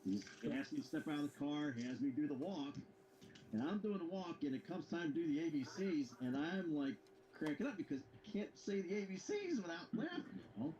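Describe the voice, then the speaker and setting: A man's voice: fairly high pitch, animated, a little fast, mellow, highs cut off. A man in casual chat, telling a story with animation and chuckling as he goes. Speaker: co-host.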